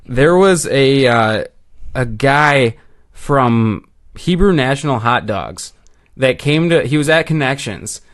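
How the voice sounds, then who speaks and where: A man's voice: medium pitch, lively intonation, slow. A man as a comedian guest in a casual chat, easygoing and self-deprecating, laughing along with the host.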